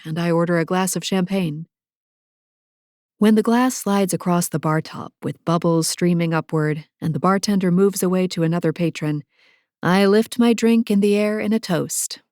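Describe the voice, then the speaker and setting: Woman narrator, lowish voice, wry and self-mocking, romance audiobook, dry close sound. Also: a little mellow, dry recording. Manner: wry, self-deprecating inner voice.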